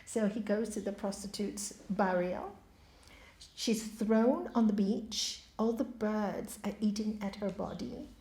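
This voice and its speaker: A woman's voice: medium pitch, slow pace. A woman giving an inspirational spiritual talk in a hall, telling stories and asking the audience questions. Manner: warm storytelling, asks the audience questions. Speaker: spiritual speaker. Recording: echoey hall.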